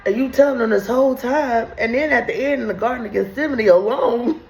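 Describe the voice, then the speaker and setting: A woman riffs through profane, comedic Bible commentary with a gravelly edge to her voice, laughing loosely in the middle of her lines. The sound is roomy, with a clear echo around her. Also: a little high, fairly quick, darkish tone. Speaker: video host.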